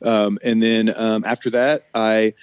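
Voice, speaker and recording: A middle-aged actor from Oklahoma guests on a podcast, spinning loose, profane stories in casual chat and acting out the voices of the people in them. His voice is low, clear, and resonant at a measured pace, recorded lo-fi with no echo.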